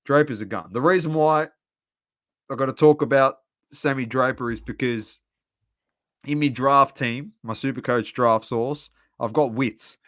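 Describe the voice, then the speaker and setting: A man with an Australian accent co-hosting a casual sports podcast, animated and laughing as he rants about footy. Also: medium pitch, measured pace. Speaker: podcast co-host.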